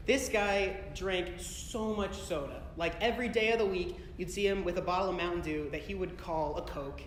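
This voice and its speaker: A man's voice: sits high, moderate pace, background noise. A man doing a stand-up comedy set before a live audience, telling a rambling story and correcting himself as he goes. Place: concert hall, live audience. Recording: echoey concert hall recording, long reverb.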